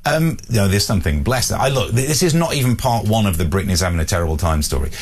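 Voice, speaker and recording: A man's voice: on the low side, animated, slightly rough. A British man co-hosting a radio show, bantering playfully and mocking himself. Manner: quick, playful, self-mocking. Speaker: radio co-host.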